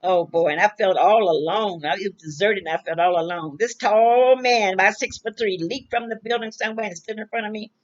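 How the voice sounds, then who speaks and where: An older woman tells a personal story in a loose, conversational way. She circles back, repeats herself and restarts her sentences. Her voice sits at a middle pitch, and the recording sounds dull and lo-fi. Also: a little fast, few pauses. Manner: rambling, repeats phrases, restarts often.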